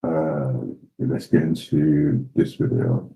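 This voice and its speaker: Man, deep low voice, mellow dark tone, chatty host reacting to clips. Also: very animated, slow pace, vocal fry, poor audio. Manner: chatty, laughs along, swears casually. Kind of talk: casual commentary.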